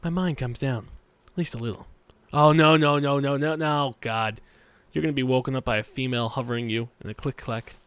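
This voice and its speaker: A man's voice: mid-range voice, brisk, a bit bright, clean tone, no echo. A man hosting a let's play, reading a visual novel aloud with crude, rambling joking asides.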